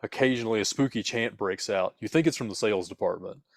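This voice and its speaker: Low-voiced man spinning a spooky tale. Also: quick pace, no echo, clean studio sound. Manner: playful, dramatic, with fillers. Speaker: podcast co-host telling a story. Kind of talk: spooky second-person storytelling.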